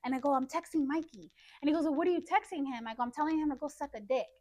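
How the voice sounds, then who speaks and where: A woman with a high-pitched voice talks at a racing speed as a podcast co-host, telling a story in casual chat. She's animated and acts out what people said in quotes.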